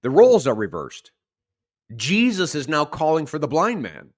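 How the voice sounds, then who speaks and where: A male pastor preaching a sermon in an animated way, acting out the shouted lines he quotes. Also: on the high side, normal speed.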